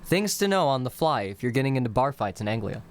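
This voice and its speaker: A man teaching his constructed language on a live stream, in a slow, explanatory way that breaks phrases into their literal word-by-word meanings. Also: mid-range voice, sing-song, a little hiss or hum.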